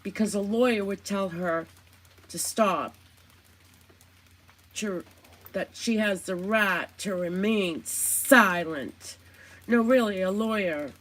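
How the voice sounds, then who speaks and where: A woman's voice: mid-range voice, slow, pauses often, fairly bright tone. A woman hosting a casual commentary vlog, talking in a chatty, indignant, gossipy way. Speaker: commentary channel host.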